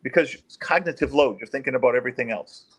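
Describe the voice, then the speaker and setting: A man's voice: fast, husky. A middle-aged man, a former police officer, telling case stories in an interview and acting out the quoted voices. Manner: animated, acts out quotes in raised pitch. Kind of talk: storytelling in an interview.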